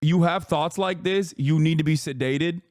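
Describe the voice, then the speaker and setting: High-pitched man ranting on a stream. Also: moderate pace, no echo, studio quality. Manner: animated, profane, mocking rant with frequent laughs. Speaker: streamer reacting to videos. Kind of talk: casual livestream reaction commentary.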